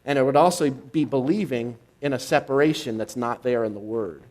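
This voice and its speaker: A man's voice: mid-range voice, darkish tone, poor audio. Reflective male minister giving a sermon. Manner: teaching, reflective, unhurried. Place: spiritual center congregation, live.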